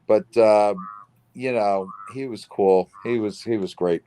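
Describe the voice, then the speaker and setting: A middle-aged man from New Jersey hosting a casual chat, telling stories in a lively way and acting out the voices of the people in them. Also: fairly low pitch, unhurried, a little hiss or hum. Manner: animated storyteller, acts out quoted voices. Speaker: host.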